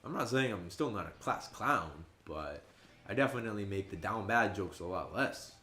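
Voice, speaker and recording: Animated young man chatting on stream, roomy sound. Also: moderate pace. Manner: animated, jumps high and loud when quoting friends. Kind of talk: casual livestream chat. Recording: roomy echo.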